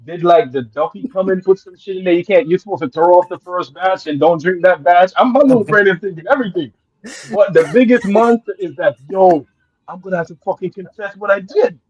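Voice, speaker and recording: Jamaica-raised man, animated storyteller, raised pitch; muffled, dry recording. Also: brisk, slightly rough. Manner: animated, swings from loud excited bursts to low murmurs, laughs often, swears. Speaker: guest. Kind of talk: casual storytelling.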